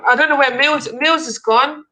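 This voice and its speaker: A bubbly young woman, hosting a casual online game show. Her voice is bright and higher than most women's, and she talks in a chatty, giggly way. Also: steady tone, normal speed, low-quality recording.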